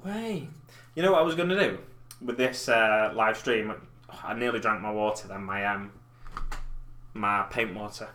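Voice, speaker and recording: Man, 30s, live-stream host; bright tone, chatty and self-deprecating. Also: fairly low pitch, moderate pace. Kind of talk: casual chat while painting miniatures. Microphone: desk mic in front of keyboard.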